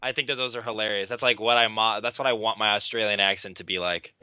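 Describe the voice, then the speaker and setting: A man's voice: fairly low pitch, fast, clear, resonant tone, no room sound, highs cut off. A man co-hosting a podcast, playfully commenting on grappling matches with a friend. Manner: lively, playful, teasing. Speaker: podcast co-host. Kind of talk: casual live commentary chat.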